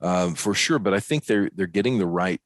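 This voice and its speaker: A man from Arkansas co-hosting a podcast, breaking down college baseball in a folksy, animated way with plenty of fillers and jokes. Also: deep voice, moderate pace, no room sound. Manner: folksy, animated, joking analysis with many fillers. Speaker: podcast co-host. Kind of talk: casual sports talk. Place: ballpark.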